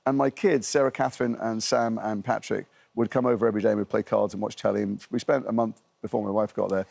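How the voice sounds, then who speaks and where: A man's voice: fairly low pitch, fairly even intonation, fast, gravelly, darkish tone, no echo. A middle-aged man from Liverpool, an actor guest on a breakfast TV interview, telling chatty, self-mocking anecdotes. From Liverpool, England.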